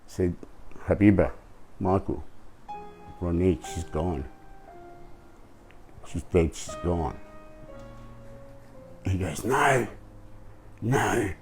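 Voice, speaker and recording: Subdued older man, deep. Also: darkish tone. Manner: halting, repeats words, low and subdued. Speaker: grieving father interviewed. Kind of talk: emotional interview testimony.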